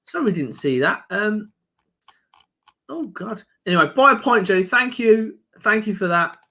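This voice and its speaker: Easygoing higher-voiced man on a fan stream. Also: very animated, a little slow, pushed and bright. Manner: easygoing, reads out fixtures and comments. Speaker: co-host reading donations and comments. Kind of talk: casual live stream reaction chat.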